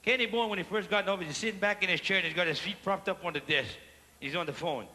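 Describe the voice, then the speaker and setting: Cajun comedian on stage, high bright voice, big hall echo, chatty with the crowd. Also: male voice, quick pace. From Louisiana. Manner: chatty, playful, addresses the crowd. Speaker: stand-up comedian. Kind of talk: live stand-up storytelling. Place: large theater stage. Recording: live theater reverb, faint hall noise.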